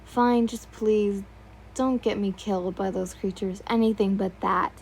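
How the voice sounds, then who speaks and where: A woman's voice: mid-range voice, fairly even intonation, measured pace, darkish tone, slight background noise, lightly acted. A woman voicing a frightened young woman. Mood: pleading. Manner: tense, pleading.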